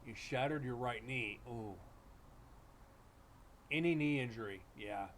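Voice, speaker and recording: With a measured pace and a somewhat bright, medium-pitched voice, a livestream host swaps casual stories, staying blunt, loose and jokey. A streaming setup mic catches slight background noise.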